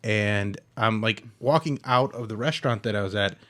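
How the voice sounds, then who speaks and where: A young man hosting a casual comedy podcast, telling a story with lively voiced-out dialogue. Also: fairly low pitch, moderate pace. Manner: animated storyteller acting out both sides of a dialogue. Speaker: podcast host.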